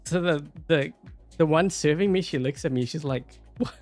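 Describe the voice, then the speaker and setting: A man's voice: fairly high pitch, normal speed, darkish tone, soft background music. A man with a South African accent giving rambling, casual gameplay commentary, full of fillers and laughing often. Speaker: gameplay YouTuber.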